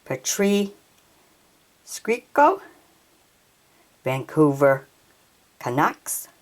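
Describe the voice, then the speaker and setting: A woman reading out players and teams from her trading card collection, sounding each name out haltingly and tripping over hard ones. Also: sits low, big pitch swings. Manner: reads names haltingly, stumbles on pronunciations. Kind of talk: slow read-out of trading cards.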